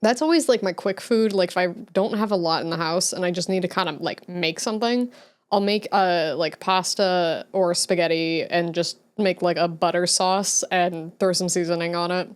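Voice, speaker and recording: She speaks at a moderate pace in a smooth, fairly low voice. As a young adult livestream host, she chats casually with viewers while drawing, giggling and laughing frequently as she answers the chat aloud.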